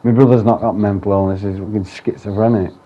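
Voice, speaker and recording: A man's voice: on the low side, steady tone, fast, mellow. A man talking candidly in a personal vlog, rambling, swearing often and restarting his sentences. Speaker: vlogger. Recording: dull lo-fi sound.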